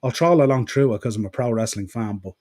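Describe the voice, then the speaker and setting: A man's voice: mid-range voice, quick pace, darkish tone. A man with an east-coast Irish accent, hosting a wrestling podcast and chatting casually while reading out viewer comments. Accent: Irish, east coast Dublin-Wicklow. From Ireland. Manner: chatty, rambling, with fillers. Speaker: podcast host.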